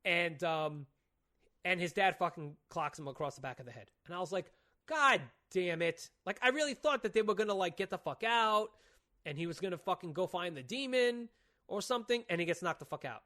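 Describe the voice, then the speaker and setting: A fairly high-voiced man co-hosting a casual podcast, talking fast and loose. He piles up curse words while he excitedly retells plots, stumbling and restarting as he goes. His voice has a lightly raised register. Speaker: podcast co-host. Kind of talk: casual chat.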